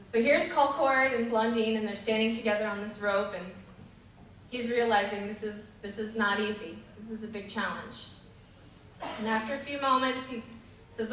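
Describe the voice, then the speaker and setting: A woman preacher gives a sermon and tells a story earnestly, with some fillers and restarts. Her voice is on the high side, steady and fairly bright at a moderate pace, heard through a distant mic in an echoey hall with a little hiss or hum.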